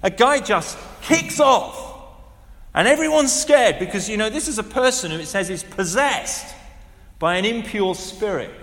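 A man in his fifties preaching a sermon, conversational and animated, with asides and rhetorical questions. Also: high-pitched, a little slow. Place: large church hall. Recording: echoey hall with long reverb.

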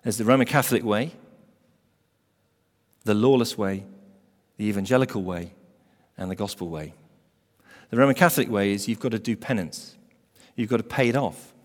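A man preaching a sermon as pastor, emphatic, building to loud stressed phrases. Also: on the low side, normal speed, pauses often. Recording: long hall reverb.

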